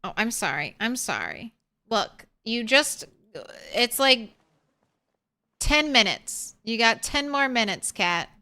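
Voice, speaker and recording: Slow, bright-voiced woman streamer. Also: a little high, big pitch swings. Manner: chatty, talks sweetly to her cat. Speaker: game streamer. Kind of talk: casual live-stream chat.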